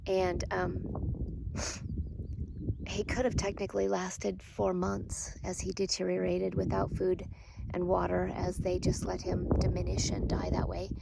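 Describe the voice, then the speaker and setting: Soft-spoken woman with a gravelly edge. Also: fairly low pitch, completely flat delivery, unhurried, heavy background noise. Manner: soft, hushed, earnest. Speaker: respiratory therapist. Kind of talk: personal storytelling.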